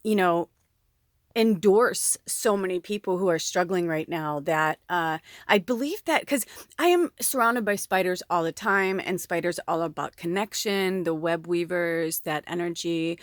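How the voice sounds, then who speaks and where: A woman's voice: fairly low pitch, measured pace, no room sound, clean studio sound. A woman who works as a spiritual medium, talking to her viewers in a casual, rambling way. She fills her talk with fillers and laughter and swears freely. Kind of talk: casual rambling monologue to camera.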